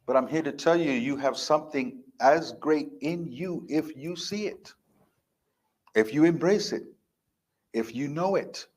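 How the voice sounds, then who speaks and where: A man's voice: a little high, unhurried, darkish tone. A man in his fifties giving a motivational speech as a life coach before a live audience, emphatic, repetitive and defiant. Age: 50s.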